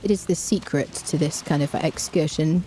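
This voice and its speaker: A woman with a deep, warm voice streams a video game at a moderate pace, offering casual, chatty let's-play commentary. Playful throughout, she hums little tunes as she plays, with faint music in the background.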